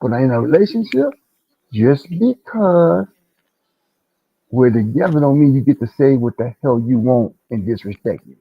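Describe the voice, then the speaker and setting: A man from Detroit speaks with a lively, swooping delivery in a casual panel discussion, his voice climbing high when he vents. His voice has a husky edge. The sound comes through a dull, lo-fi online call line. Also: fairly quick, few pauses, no room sound. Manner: animated, rising to a high pitch when venting. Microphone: online call mic.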